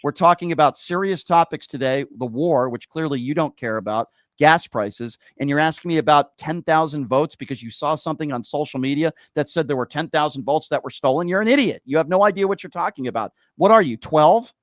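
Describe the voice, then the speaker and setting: A man's voice: fairly high pitch, brisk, few pauses, dry recording. A man hosting a call-in political talk show, combative and sarcastic, insulting his callers.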